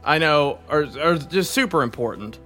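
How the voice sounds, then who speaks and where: A young man in casual podcast chat, excitable and profane, riffing loosely. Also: fairly high pitch, normal speed, soft background music. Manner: lively, profane, excitable with laughs.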